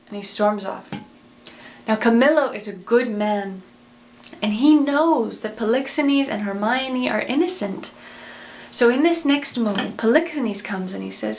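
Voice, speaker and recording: A woman casually retelling a play's plot in a lively, plain-spoken way. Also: a little high, a little slow, a little hiss or hum. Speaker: storyteller.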